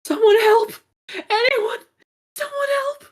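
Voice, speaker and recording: A woman voicing a panicked young man who shouts desperately for help. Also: very high voice, slow, voice pushed up.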